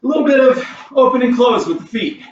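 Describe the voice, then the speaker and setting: A karate instructor with an American accent leading a warm-up class from his home garage, upbeat and counting reps in Japanese. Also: extremely high pitch, lively intonation, quick pace, lo-fi sound, noisy background. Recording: echoey garage mic from a distance.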